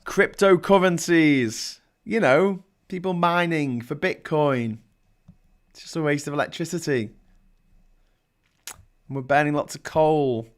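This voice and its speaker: A man's voice: fairly high pitch, unhurried, pauses often. Man, Scouse accent, live-stream host, casual rambling chat, sarcastic asides. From Liverpool, England. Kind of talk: casual chat reading headlines.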